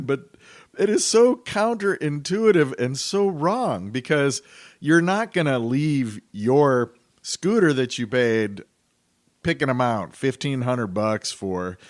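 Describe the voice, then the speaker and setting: A man hosting a podcast, ranting in a casual, animated and incredulous way, his pitch jumping up as he gets worked up. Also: no room sound, studio quality. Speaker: podcast host.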